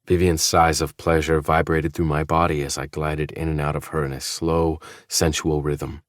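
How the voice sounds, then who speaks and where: Man with a very deep voice narrating. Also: little pitch movement, normal speed, no echo, clean studio sound. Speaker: audiobook narrator. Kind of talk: scripted first-person audiobook narration.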